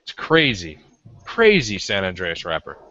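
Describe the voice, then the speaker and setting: Bright-voiced man chatting about cigars. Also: low voice, huge pitch swings, unhurried. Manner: rambling, hesitant with many ums. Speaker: podcast co-host. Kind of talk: casual cigar review chat. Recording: dull lo-fi audio.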